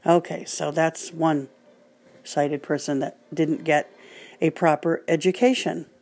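A woman's voice: on the low side, mellow. An older woman hosting a podcast, telling stories in a casual, wry and dryly humorous way. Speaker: podcast host.

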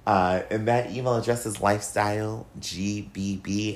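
Deep-voiced nasal podcast host. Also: male voice, fairly even intonation, normal speed, hardly any pauses. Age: young adult. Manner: candid, encouraging, casual with swearing. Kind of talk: solo podcast monologue.

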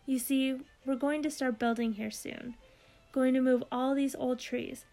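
A courteous, cheerful cartoon mouse, read by a woman storyteller, friendly and eager to explain. Her voice is a little high. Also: level tone, measured pace, dark tone, soft background music, rough recording.

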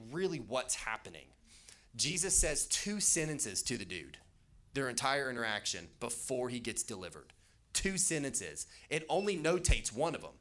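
A man preaching a casual sermon, talking in an animated way with lots of fillers. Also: mid-range voice. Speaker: youth pastor. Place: church hall with an audience.

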